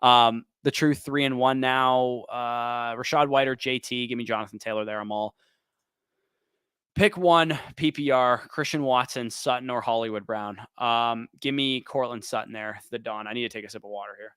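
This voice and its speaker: A man hosting a livestream Q&A, quickly reading off player choices and picking one, while he is losing his voice. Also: medium pitch, a bit bright, clear, resonant tone, no room sound. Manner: quick, listing names then picking one. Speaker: fantasy football show host. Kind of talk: livestream Q&A, rapid-fire start/sit answers.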